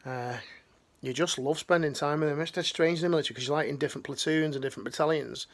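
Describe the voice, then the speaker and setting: A man's voice: a little high, fast talker. A middle-aged man, talking earnestly and slangily, rambling with restarts in a motivational talk. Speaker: life coach, ex-military.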